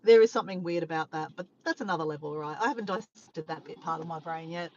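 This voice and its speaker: A woman's voice: low-pitched, fast talker, a little mellow, lo-fi sound, a little hiss or hum. A woman chatting casually on a live stream from her car by the beach, reading viewer comments, laughing and teasing playfully.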